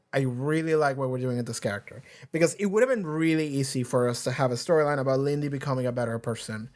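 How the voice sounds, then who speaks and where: Animated rambling man reacting to an episode. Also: mid-range voice. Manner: rambling, animated, frequent restarts and swearing. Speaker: reaction video host. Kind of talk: casual reaction commentary.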